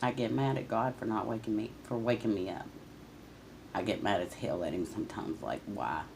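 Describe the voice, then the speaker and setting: Woman, gravelly voice, raw confessional vlog; profane, emotional venting at absent people. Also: very deep voice, moderate pace, background noise. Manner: addresses absent people directly.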